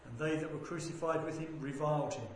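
A man reading a Bible passage aloud in a measured, deliberate way, lifting his voice for quoted speech. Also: a little high. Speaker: scripture reader. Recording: very echoey room with faint background noise.

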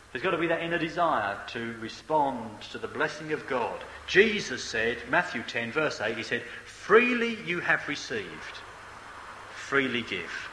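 A man's voice: sits high, bright, forceful tone. A man preaching a sermon in a hall, emphatic and repeating key phrases for effect. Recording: echoey hall with long reverb.

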